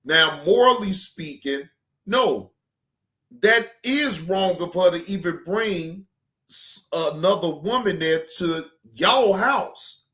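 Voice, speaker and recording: A man's voice: sits high, slow. A man hosting a reaction stream, commenting bluntly and profanely and scolding the people in the clip. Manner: animated, shouting at times.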